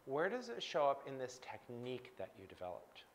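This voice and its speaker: A man's voice: mid-range voice, wildly swooping pitch, fairly quick, slight background noise. A man coaching a guest on a live stream, reflecting back what she says and asking probing questions.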